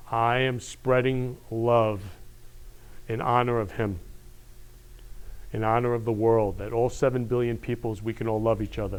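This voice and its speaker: A man's voice: medium pitch, darkish tone. Effusive man hosting a live show. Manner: effusive, repeats "I love you" often. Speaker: host. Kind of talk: emotional live-stream show talk.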